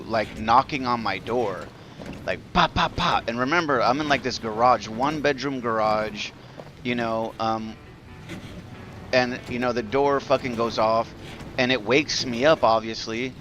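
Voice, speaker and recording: A man's voice: mid-range voice, a bit bright. A man casually telling a long story while live-streaming a game, rambling with lots of fillers, restarts and swearing.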